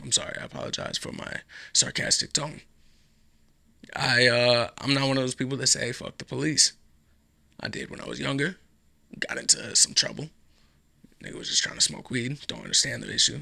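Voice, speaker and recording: A man's voice: medium pitch, creaky, pushed and bright. A man hosting his own show, talking alone in a casual, rambling way, sarcastic and dropping into a whisper for effect. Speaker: podcast host. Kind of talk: casual solo commentary.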